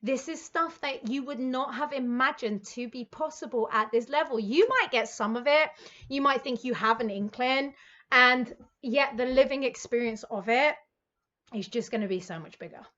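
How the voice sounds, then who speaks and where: A woman from the UK giving a tarot reading, gushing and excitable in a chatty way. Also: high voice, moderate pace, lo-fi sound. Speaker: psychic tarot reader.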